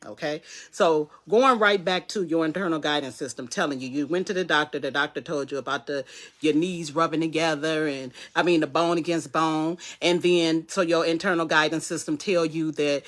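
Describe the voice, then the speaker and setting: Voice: mid-range voice, fairly even intonation, normal speed, a bit bright. A wellness coach giving a live motivational talk in a conversational way, repeating key phrases for emphasis and acting out the inner voices they describe. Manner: conversational, acts out inner voices and quoted dialogue.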